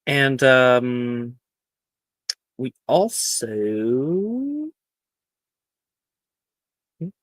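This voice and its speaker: A man running a tabletop role-play game as host and game master, recapping the last session in an unhurried way with plenty of fillers. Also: medium pitch, wildly swooping pitch, fairly bright tone, no echo.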